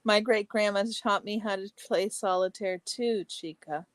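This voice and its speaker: A woman hosting a casual livestream chat, reading viewer comments aloud and answering each by name, chatty and exclamatory with soft asides. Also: mid-range voice, fairly even intonation, normal speed, clean tone, no echo. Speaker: livestream host.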